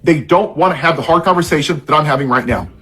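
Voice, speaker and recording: Speaking quickly in a fairly high, sharp, breathy voice, a man vents in a heated political rant. His frustration shows through anger and biting, heavily ironic sarcasm.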